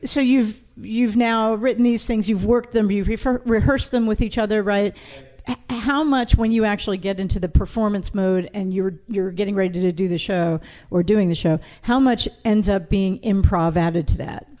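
Mellow-voiced woman interviewer. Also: mid-range voice, fairly even intonation. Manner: halting, searching phrasing. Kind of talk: interview questions.

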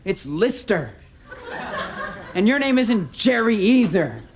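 Calm TV-sketch husband, high-pitched, humoring a madman. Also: slow pace, a little hiss or hum, heavily acted. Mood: placating. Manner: patient, placating. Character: man calmly humoring an unhinged friend.

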